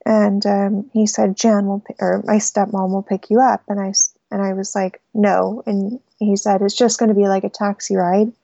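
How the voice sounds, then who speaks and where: Young female caller, hesitant storyteller, mellow and fry-heavy tone, muffled lo-fi call sound. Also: medium pitch, level tone, no echo. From United States. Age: young adult. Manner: halting, hesitant storytelling with restarts.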